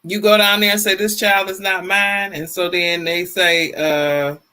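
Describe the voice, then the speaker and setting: A woman in her fifties hosting a casual livestream, chatty and lively, greeting viewers by name and often repeating herself in colloquial phrasing. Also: lowish voice, measured pace, clear, resonant tone. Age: 50s. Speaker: livestream talk show host. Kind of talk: casual livestream chat, reading viewer comments.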